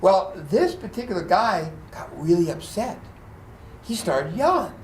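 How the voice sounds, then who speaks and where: Preaching at a measured pace in an echoey church with slight background noise, a pastor speaks in a voice that sits high. His stories are animated and full of acted-out quotes and frequent laughter, and at times he's choked up.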